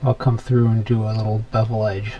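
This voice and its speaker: A man hosting a casual workbench vlog in his home workshop, thinking aloud as he works and dropping into soft muttered asides. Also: lowish voice, level tone, a little fast, highs cut off. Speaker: electronics hobbyist host.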